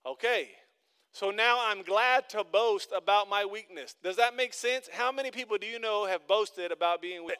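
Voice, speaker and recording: A man's voice: sits high, brisk, sharp tone, smooth. A man preaching a sermon as pastor, telling everyday stories and building into emphatic, repeated calls to his congregation. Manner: conversational storytelling that builds into emphatic repeated exhortation. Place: church.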